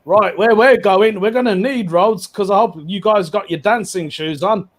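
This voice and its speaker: Cheery guy hosting a pun contest, high voice, laughs a lot. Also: normal speed. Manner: cheery, giggly, calls out contestants in turn. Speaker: host. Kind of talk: casual online comedy show.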